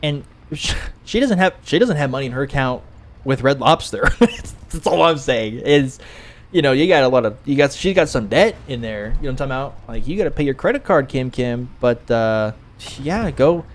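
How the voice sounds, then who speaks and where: A man's voice: mid-range voice, expressive, moderate pace. Profane rambling gamer man. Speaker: gaming streamer. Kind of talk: casual gaming commentary with storytelling.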